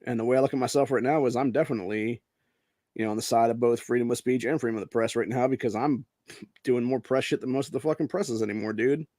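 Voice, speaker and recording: A brash, foul-mouthed male podcast host from Ohio runs through the news in casual commentary. He keeps dropping "dude" between lines. His voice is mid-pitched, dark and mellow, and recorded dry and close with no room sound. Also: steady tone, quick pace, dry recording. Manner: profane, brash, says dude a lot.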